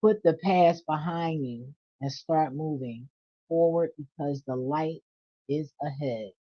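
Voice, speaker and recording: A woman tarot reader hosts a casual reading vlog, speaking slowly in a low voice, blunt and profane, with laughing asides. The audio is dull and lo-fi.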